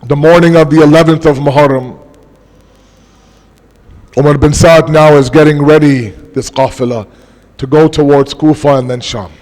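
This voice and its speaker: Guy giving a fervent mourning sermon, kinda high voice, big echoey mosque hall. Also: fairly even intonation, darkish tone. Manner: impassioned, slows down for emphasis. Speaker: majlis speaker. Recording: long mosque hall reverb.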